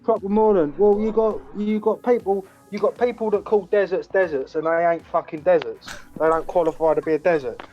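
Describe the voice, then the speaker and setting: A man's voice: sits high, fairly quick, hardly any pauses, highs cut off, faint music behind. Sweary Cockney man, rambling. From London, England. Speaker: podcast guest. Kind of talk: casual banter.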